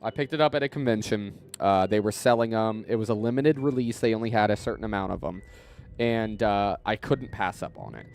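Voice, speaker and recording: A man's voice: lowish voice, animated, a little fast, gravelly, darkish tone. A young man casually chatting on his stream, enthusiastic and rambling with lots of fillers. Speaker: streamer showing his movie collection.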